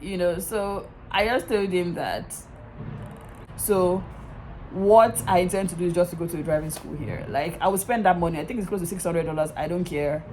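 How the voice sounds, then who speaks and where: A young woman from Nigeria with a Nigerian accent, casually telling a story to her vlog audience in an animated, exasperated way, speaking into a handheld phone at an outdoor bus stop. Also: on the low side, moderate pace, slight background noise, rough recording. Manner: animated, exasperated retelling with laughs. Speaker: vlogger.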